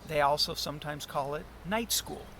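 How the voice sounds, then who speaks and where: A man with a gravelly, slightly high voice tells a personal story in a halting, earnest monologue, often breaking off and restarting his sentences. Loud background noise with passing vehicles sits under the recording. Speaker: musician telling a personal story.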